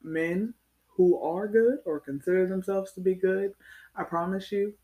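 A woman's voice: medium pitch, steady tone, measured pace, dull audio. A woman co-hosting a casual chat, mostly agreeing and backing up her partner's points. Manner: agreeing, backs up points with short replies.

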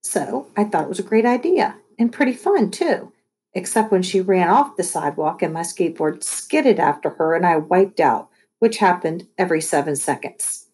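Female storyteller, husky and warm, lively children's book narration. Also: fairly low pitch, normal speed. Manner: lively storytelling with voiced asides. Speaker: audiobook reader. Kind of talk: reading a children's chapter book aloud.

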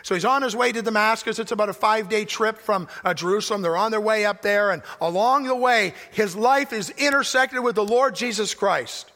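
A pastor preaching a sermon, with emphatic delivery that swings from loud declarations to hushed asides. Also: male voice, high voice, brisk, hardly any pauses. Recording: long hall reverb.

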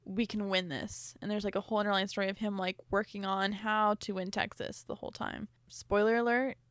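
Young female co-host, playful and animated, dry close-mic sound. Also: medium pitch, clean tone, no echo. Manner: animated, joking, quick asides. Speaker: podcast co-host. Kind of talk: casual book chat.

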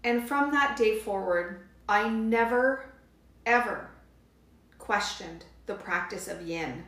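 A woman hosting a podcast, telling a personal story in a casual, animated way and quoting others as she goes. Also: mid-range voice, slow, roomy sound. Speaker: podcast host, yin yoga teacher.

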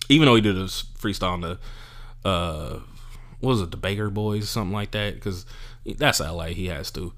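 A man's voice: deep voice, normal speed, pauses often, a bit bright. A young adult man, a comedian, ranting casually and profanely, acting out the people he quotes. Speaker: podcast host and comedian. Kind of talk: casual monologue.

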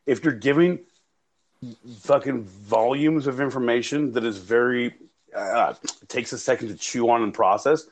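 A man's voice: medium pitch, unhurried. A man co-hosting a podcast in casual, profane banter, rambling and joking with frequent laughter. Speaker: podcast co-host. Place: home studio, recorded remotely via live app.

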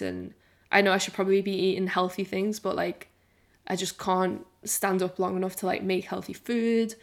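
A woman's voice: medium pitch, vocal fry. A woman in her twenties, a podcast co-host talking candidly in a rambling, casual way, full of "like" and the odd swear. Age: 20s. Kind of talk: casual chat.

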